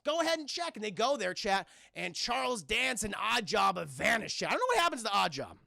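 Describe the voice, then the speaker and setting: A man's voice: sits high, very animated, fairly quick, creaky, sharp tone, no room sound, studio quality. A man streaming a casual scene-by-scene film recap to his chat, rambling and profane and often calling out to the viewers.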